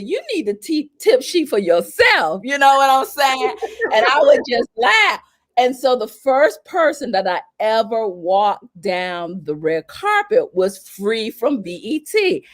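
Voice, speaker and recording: A woman from North Carolina, a celebrity publicist telling stories as an interview guest, animated and acting out what people said in a raised voice. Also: a little high. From North Carolina, USA. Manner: animated, acts out quotes in a raised voice. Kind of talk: storytelling in an interview.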